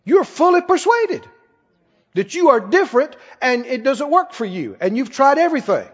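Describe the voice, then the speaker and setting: A man's voice: very high voice, sing-song, moderate pace. A male pastor preaching a sermon, emphatic, repeating phrases and quoting scripture. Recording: echoing hall, dull lo-fi sound.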